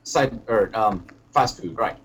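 A man's voice: on the low side, slow, slightly rough, low-quality recording. A man doing a hiccuping pompous British lord. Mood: rambling. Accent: put-on British. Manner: rambling, hesitant, genteel phrasing. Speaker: podcast co-host. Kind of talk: comedic podcast character chat.

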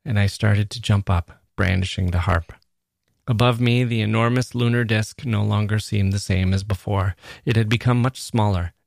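A man, a podcast host, giving a measured and expressive first-person reading of a literary short story. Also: on the low side, creaky, no echo, studio quality.

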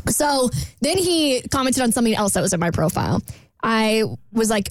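A woman's voice: fairly high pitch, animated, moderate pace, dry recording. A woman co-host on a radio show, animatedly recounting a dating app exchange in casual chat.

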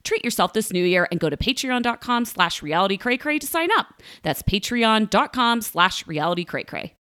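A woman's voice: medium pitch, expressive, moderate pace, pushed and bright. A woman hosting a podcast, chatting casually and laughing often. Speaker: podcast host. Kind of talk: casual chat.

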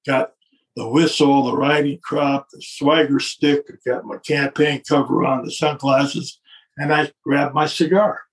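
An older man, a guest, tells a long wrestling anecdote in casual chat, acting out the quotes and chuckling as he goes. His voice is medium-pitched, flat and unhurried, picked up from a distance.

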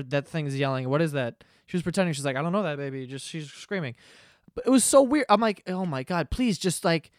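A man's voice: on the high side, no room sound, studio quality. A young man, hosting a podcast as a profane, rambling comedic monologue. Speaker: podcast host.

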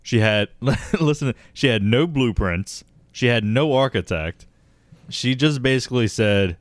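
A man co-hosting a podcast tells a story in easygoing conversation, swearing, laughing a lot, and saying "dude." His mid-range voice is animated but unhurried, and the recording is dry.

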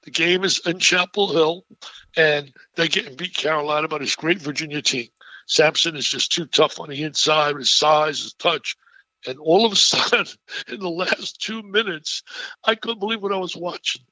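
A man in his eighties, an excitable and animated storyteller, talking as an interview guest. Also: fairly high pitch, moderate pace, no room sound, lo-fi sound. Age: 80s.

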